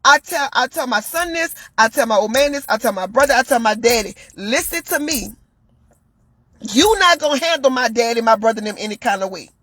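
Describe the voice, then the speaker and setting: A woman with a high voice delivers a fervent personal monologue, driving her points home through repeated phrases. Her voice sits close to the mic in a dry, deadened space. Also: expressive, a little fast, fairly bright tone, slightly rough, no echo. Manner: emphatic, preachy, repeats phrases for stress. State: shaken, near tears at times. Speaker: commentator.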